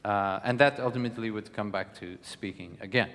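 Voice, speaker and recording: A man's voice: fairly low pitch, fairly quick, fairly bright tone. A man giving a live lecture, hesitant and full of fillers and restarts. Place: concert hall. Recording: long reverb of a hall.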